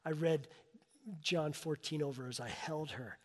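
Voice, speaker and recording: Middle-aged guy preaching, kinda high voice, tells a personal story, big echoey church hall. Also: unhurried. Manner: personal storytelling, emotional, rising and falling intensity. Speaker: pastor. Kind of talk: sermon. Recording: long reverb of a large hall.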